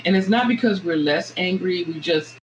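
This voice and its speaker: A woman's voice: lowish voice, a little hiss or hum, poor audio. Reflective Southern American woman. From Southern United States. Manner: reflective, halting, with frequent restarts. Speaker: podcast guest. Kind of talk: casual podcast conversation.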